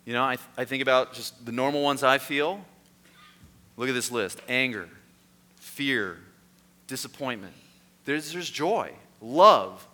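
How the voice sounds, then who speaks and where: A man preaching a sermon as a pastor, in a conversational storytelling manner that turns lively and self-mocking. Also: mid-range voice, normal speed, pauses often. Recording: echoey hall.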